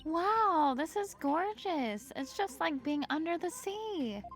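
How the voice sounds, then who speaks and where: A woman's voice: very high voice, lively intonation, takes it slowly, faint music behind, exaggerated voice. A woman voicing an upbeat young female lawyer assistant in a fan voice acting of a game, sweet and teasing.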